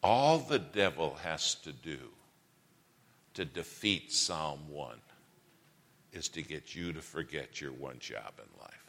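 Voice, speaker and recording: Middle-aged man, preacher, deep voice, folksy humor, auditorium with long echo. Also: lively intonation, slow pace, gravelly, fairly bright tone. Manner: folksy, humorous, asks audience questions. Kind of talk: sermon with storytelling.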